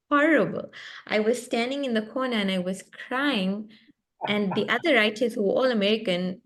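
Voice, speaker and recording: A young woman from South Africa with a South African accent, an author animatedly telling a story on a video call, laughing often and restarting her sentences. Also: medium pitch. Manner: animated, laughing, lively and expressive, with self-interruptions. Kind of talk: storytelling in a book club chat. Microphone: computer mic on a video call.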